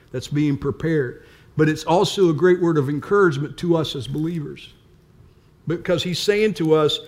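Older man, pastor, sermon, earnest, emphatic repetition, fairly high voice.

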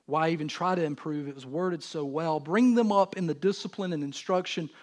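A man in his thirties preaching a sermon in church, earnest and animated as he speaks directly to the congregation. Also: fairly high pitch, fairly quick. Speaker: pastor.

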